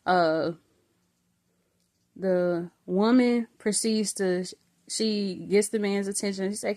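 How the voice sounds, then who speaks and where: A woman recounts a spiritual vision straight to her viewers in an earnest, conversational way. Her voice sits at a middle pitch, and she pauses with fillers. She turns to the audience now and then as brothers and sisters. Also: steady tone, darkish tone. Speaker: faith vlogger recounting a vision. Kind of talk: spoken personal testimony.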